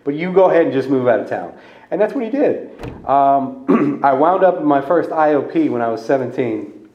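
A man's voice: medium pitch, lively intonation, normal speed. A man candidly telling his own recovery story, wry and laughing at himself, from Louisiana. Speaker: speaker sharing a recovery story. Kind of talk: personal testimony talk. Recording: dull echoey room sound.

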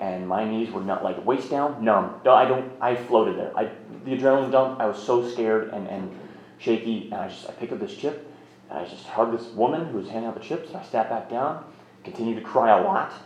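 With a mid-range, a little mellow voice, a man in his thirties candidly narrates his recovery, wandering off topic and joking at his own expense. Slight background noise sits under a roomy, slightly muffled recording.

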